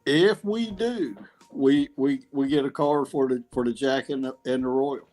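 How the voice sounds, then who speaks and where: A man who competes in barbecue cook-offs, talking as a guest in a casual, halting, laid-back way. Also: medium pitch, noisy background. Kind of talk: casual call-in chat.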